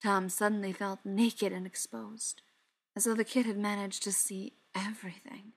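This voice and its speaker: A woman narrating a novel aloud, steady and dramatic, dropping to a hush in quieter passages. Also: medium pitch, moderate pace, slightly rough. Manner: steady, dramatic reading with soft, hushed passages. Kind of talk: audiobook narration.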